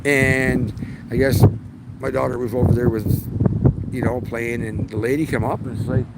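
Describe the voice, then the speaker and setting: Man in his forties rambling by loud traffic. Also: medium pitch, little pitch movement, normal speed, creaky. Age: 40s. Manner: rambling, anecdotal storytelling. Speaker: livestream host. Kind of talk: casual livestream chat. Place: outdoors beside a city street. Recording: loud street traffic noise.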